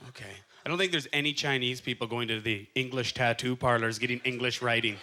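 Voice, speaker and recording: A man's voice: fast talker, hardly any pauses, noisy background. A man doing stand-up comedy, acting out voices as he tells stories. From Canada. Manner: animated, acts out voices with big pitch jumps. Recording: live club set with audience laughter.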